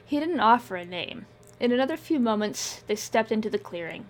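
A woman reading first-person scripted fiction in a measured, subdued way. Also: fairly high pitch, animated. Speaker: audiobook narrator.

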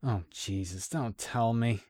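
A man's voice: medium pitch, slow pace, darkish tone, dry recording, clean studio sound. A man voicing a young male soldier who is a loyal, worried friend, urging and coaxing. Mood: alarmed. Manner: urgent, coaxing.

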